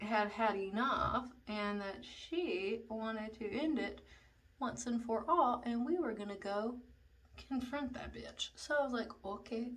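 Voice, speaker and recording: Profane chatty woman telling a story. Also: on the high side. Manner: chatty, profane, drops into whispers for asides. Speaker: vlogger. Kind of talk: casual storytime. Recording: slightly distant mic, faint noise.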